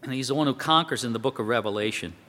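Bright-voiced man preaching in a hall. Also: medium pitch, rapid-fire. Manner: conversational, rhetorical questions, quotes scripture. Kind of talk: sermon. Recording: long hall reverb.

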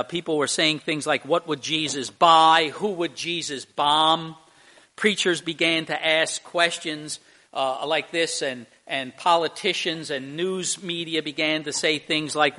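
A male pastor preaching a conversational sermon in church, halting with fillers and restarts and speaking directly to the children. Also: fairly high pitch, bright, forceful tone. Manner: addresses children in the congregation directly.

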